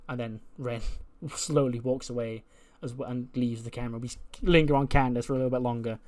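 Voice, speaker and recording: A man hosting a wrestling management game series, retelling the storyline and reading out each wrestler's lines in a quick, casual way. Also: mid-range voice, steady tone, darkish tone. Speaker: let's play host. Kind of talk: narrating and voicing a wrestling sim story.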